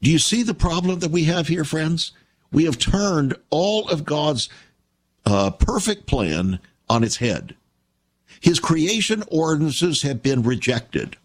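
Taking his time, a man with a slightly high voice and big swings in pitch preaches a radio sermon. He reads scripture aloud with strong emphasis and addresses listeners as his friends. Then, as the ministry's host, he appeals for donations.

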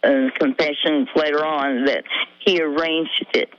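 A middle-aged woman calling in to a radio show, telling her story in a halting, rambling way full of fillers. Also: low-pitched, fairly even intonation. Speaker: caller. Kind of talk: emotional call-in confession. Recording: dull lo-fi radio call.

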